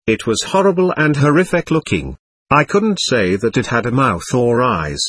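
A man narrating a first-person memoir as an audiobook, in an earnest, measured storytelling manner. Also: medium pitch, sing-song, fairly bright tone, husky, dry recording.

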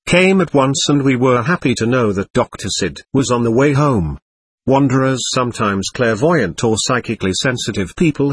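A man reads an audiobook in a measured, earnest way. His voice is somewhat husky, with a lively rise and fall, recorded dry and close. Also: mid-range voice, no room sound. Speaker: audiobook narrator. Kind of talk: audiobook narration.

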